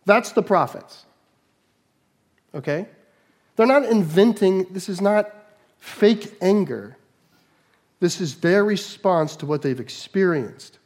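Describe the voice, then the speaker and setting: A male pastor preaching a sermon, animated, moving between quiet asides and raised, emphatic lines. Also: sits high, slow, long pauses.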